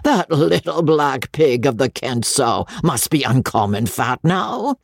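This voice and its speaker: A man's voice: medium pitch, lively intonation, slow pace, creaky, no echo, studio quality, voice pushed up, heavily acted. A man voicing a coarse, jovial old country baronet who talks bluntly at dinner.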